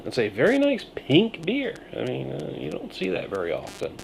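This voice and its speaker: A man reviewing a beer on his video channel, musing through his tasting notes with pauses and thoughtful hums. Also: mid-range voice, huge pitch swings, creaky, a little hiss or hum. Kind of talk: casual beer review vlog.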